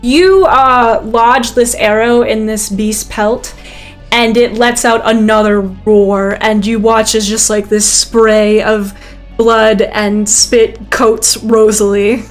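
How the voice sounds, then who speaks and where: Woman game master, vivid descriptive narration, slightly high voice, faint music behind. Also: steady tone, slow pace. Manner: vivid, descriptive, with frequent ums and self-corrections.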